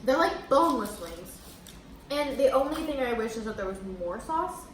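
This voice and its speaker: A woman's voice: fairly high pitch, lively intonation, moderate pace. A young woman hosting a casual mukbang chat, telling stories in a chatty way full of fillers. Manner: chatty, filler-heavy storytelling with laughs. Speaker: host. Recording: echoey room with faint noise.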